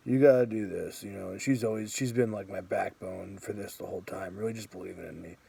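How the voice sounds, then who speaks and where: A man's voice: low voice, steady tone, fast talker, gravelly, a little mellow, breathy edge. A man in his thirties telling a story in a casual vlog, chatty, with lots of fillers and frequent laughs. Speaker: vlogger.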